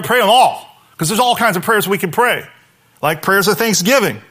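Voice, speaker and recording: A man preaching a sermon to his church, animated, dropping to a hushed voice when he voices a prayer. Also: high voice. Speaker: pastor.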